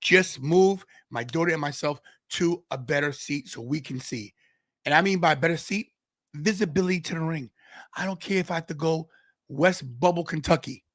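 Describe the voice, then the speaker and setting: A fairly high-voiced man from Brooklyn, tells a story on his podcast. He acts out the other people's lines in quick voices. The sound is close and dry. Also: no echo. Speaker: podcast host.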